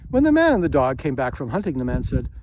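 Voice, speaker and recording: A man's voice: medium pitch, huge pitch swings, fast talker. A man narrating a classic children's story in a rhythmic, lilting storytelling manner. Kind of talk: storybook reading. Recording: hissy home recording.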